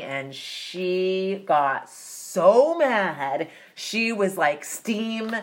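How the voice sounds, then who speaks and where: A woman's voice: low voice, a bit bright. A woman from Massachusetts telling stories about her youth in a chatty way, with many fillers and restarts. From Massachusetts, USA. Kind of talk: casual personal storytelling.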